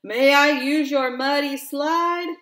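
A friendly little lion cub from a storybook, lonely and eager for playmates, as a woman reading aloud puts him on. He asks his questions slowly and hopefully in a voice pitched a bit high. A roomy echo surrounds the voice. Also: a bit bright.

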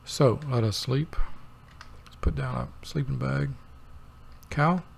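A man's voice: medium pitch, steady tone, a little slow, creaky, darkish tone, slight background noise. A man, hosting a let's play and rambling wryly while he plays, thinking aloud with plenty of fillers. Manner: meandering, wry, thinks aloud with many fillers. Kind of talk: rambling gameplay commentary.

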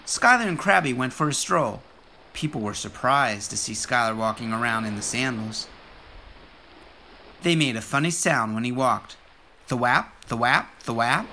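Brief: bright, sing-song reader for a children's storybook, very lively. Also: medium pitch, a little slow, a little hiss or hum.

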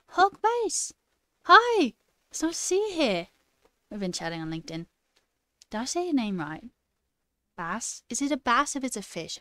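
A woman's voice: medium pitch, clear, resonant tone, dry recording. Woman in a put-on British accent. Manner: playfully putting on a mock British accent; chatty, laughs often, reads chat aloud. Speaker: livestreamer and new software engineer. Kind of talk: casual live-stream chat.

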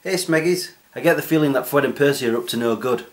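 A man delivering a deadpan, self-mocking comedy monologue to his viewers. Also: medium pitch, fast talker, soft background music. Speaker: comedy vlogger.

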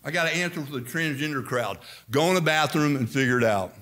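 With a voice on the high side and a fast delivery, an older Indiana pastor preaches an emphatic sermon. He has a slight Southern-sounding American accent and animates his preaching with quoted asides.

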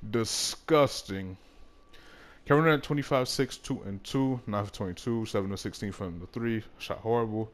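A young man giving casual commentary over a basketball video game, muttering one moment and yelling in frustration the next. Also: on the low side, moderate pace. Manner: swings from mumbled talk to loud frustrated outbursts. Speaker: gaming YouTuber.

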